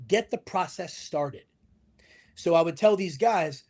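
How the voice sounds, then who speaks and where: A man's voice: high-pitched, expressive, moderate pace, darkish tone, husky. A man, a fitness coach, talking in an interview with motivational energy and acting out the voices of the people he quotes. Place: video call interview.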